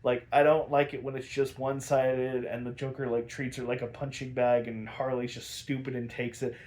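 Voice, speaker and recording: A man's voice: mid-range voice, flat delivery, normal speed, a little mellow. A man casually recapping a cartoon episode, rambling with lots of filler words and frequent laughs. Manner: rambling, lots of likes and ums, laughs often.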